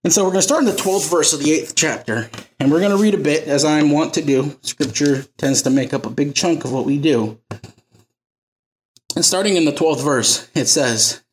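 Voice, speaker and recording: A man's voice: fairly high pitch, normal speed, a little hiss or hum. A man preaching an informal sermon as a pastor, talking loosely and conversationally and working jokes into his teaching.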